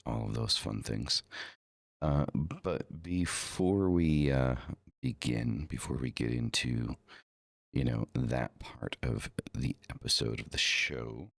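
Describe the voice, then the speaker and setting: A man hosts his own live podcast on a home streaming mic, chatting casually and rambling with plenty of fillers and repeated words. His bass voice is creaky and a bit bright, and the studio-quality audio has no room sound.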